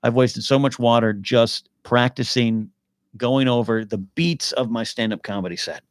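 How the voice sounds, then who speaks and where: A man's voice: mid-range voice, moderate pace, smooth, no echo, studio quality. A man hosting his own live podcast, rambling and thinking aloud while he answers questions from the chat. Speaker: podcast host. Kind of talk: casual live-stream chat.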